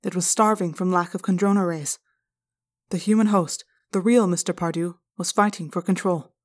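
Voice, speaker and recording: A woman narrating a fan read-aloud chapter in an expressive style, recorded in a hotel room. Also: fairly low pitch, normal speed.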